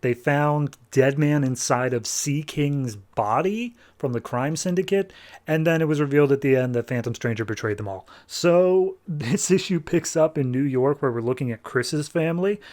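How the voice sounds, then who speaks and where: A man's voice: medium pitch, a little mellow. A young man hosting a podcast, who gives a casual review and plot recap of a comic book. He talks in a loose, filler-heavy way. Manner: chatty, filler-heavy, acts out quotes in a loose paraphrase.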